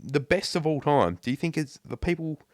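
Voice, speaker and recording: A man hosting a casual podcast, rambling and repeating himself as he gives quick opinions. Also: a little high, animated, no room sound, studio quality. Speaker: podcast host.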